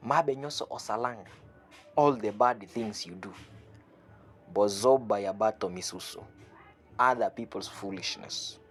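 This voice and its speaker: A man with a fairly low voice teaches phrases one at a time in an online lesson. He says each phrase slowly, repeats it and gives its meaning. He chuckles now and then as he explains. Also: faint music behind. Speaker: language teacher.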